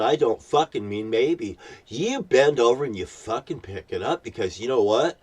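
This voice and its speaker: Man, husky voice, profane repetitive rant, recorded slightly distant. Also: medium pitch, darkish tone. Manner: ranting, swears constantly, repeats himself. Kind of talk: angry profane monologue to camera.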